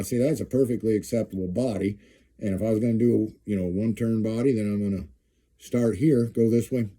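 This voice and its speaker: A middle-aged man talks through a jig-tying demonstration in a relaxed, folksy way, often repeating his phrases as he works. His voice is very dark and mellow, with a husky edge. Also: lowish voice. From eastern Kansas. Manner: folksy, chatty, repeats phrases while working. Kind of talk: casual how-to demonstration.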